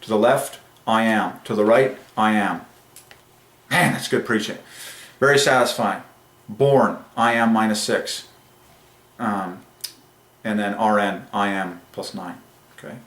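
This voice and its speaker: A man hosting a religious numerology channel, speaking in an excited monologue that swings between rapturous bursts and quiet musing. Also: on the low side, slow, pauses often, reverberant.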